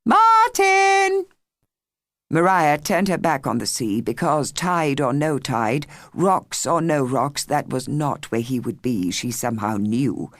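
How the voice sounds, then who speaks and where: A woman narrating an audiobook in a measured, expressive storytelling manner. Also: very deep voice, no room sound. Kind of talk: scripted narration.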